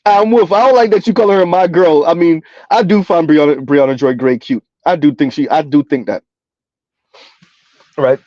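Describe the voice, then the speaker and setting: A man with a somewhat high voice gives casual live-stream commentary in a rambling, conversational way, often tagging lines with "right?". The sound is dry and a little dull, like a lo-fi home mic. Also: moderate pace, darkish tone, no room sound. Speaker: commentary streamer reading chat.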